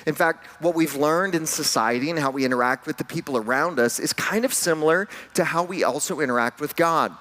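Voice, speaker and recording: A man's voice: fairly high pitch, a little fast, few pauses, bright, forceful tone. Man preaching a sermon in a conversational, storytelling style. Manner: conversational storytelling with self-deprecating humor. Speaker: pastor.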